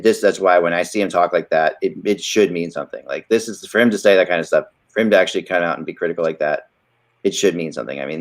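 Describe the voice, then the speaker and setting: A man hosting a casual hockey podcast, talking in rambling, restarting sentences. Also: deep voice. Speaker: podcast host.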